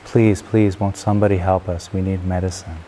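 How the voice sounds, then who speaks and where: A desperate young mother pleads for help in a spoken parable, as a man raises his voice to play her. Her lines sit noticeably higher than the storyteller's own low voice. A faint hum of room noise lies underneath. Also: little pitch movement, fairly quick, mellow, natural voice. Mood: pleading. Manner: pleading, wailing cries.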